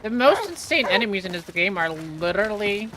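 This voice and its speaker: A woman streaming a video game live, chatting to her viewers in a rambling, halting way full of fillers. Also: mid-range voice, very animated, bright, forceful tone. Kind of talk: casual live-stream gaming chat. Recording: clear background noise with clicks.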